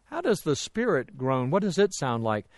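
A man preaching a sermon in a fairly high voice. He swings from soaring, loud emphasis down to quiet, low remarks and throws rhetorical questions out to the congregation. The sound is dry and close. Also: big pitch swings, moderate pace, no echo. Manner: emphatic rises and drops in pitch and volume.

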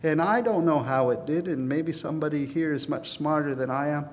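A man's voice: fairly high pitch, a little fast. Earnest male pastor preaching in a hall. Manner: earnest, building to emphatic peaks then dropping soft. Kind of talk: sermon.

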